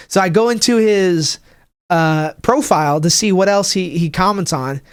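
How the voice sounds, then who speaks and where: A young man hosting his own podcast as a stand-up comic, rambling and swearing, with lots of restarts and "like", acting out other people's lines in a higher voice. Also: animated, a little fast, no room sound, studio quality. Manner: acts out people's quotes in a higher voice. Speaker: podcast host. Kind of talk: casual solo podcast rant. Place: home room, livestreaming.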